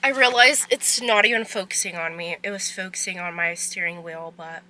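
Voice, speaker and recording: A woman's voice: fairly low pitch, moderate pace, pushed and bright, low-quality recording. A young woman in her twenties talking to her phone camera in a car, chatty and rambling, emotional and close to tears. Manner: chatty, rambling with many "like" fillers. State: tearful, emotional. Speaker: vlogger. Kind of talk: casual vlog talk to camera.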